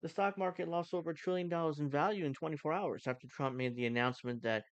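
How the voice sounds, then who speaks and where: A man talks over news clips on his home stream, mocking and ranting with a sarcastic edge. His voice sits a little high. The sound is dry and close to the mic. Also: quick pace, hardly any pauses, no echo. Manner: sarcastic, mocking, animated rants. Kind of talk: casual live-stream commentary. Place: home, cooking during stream.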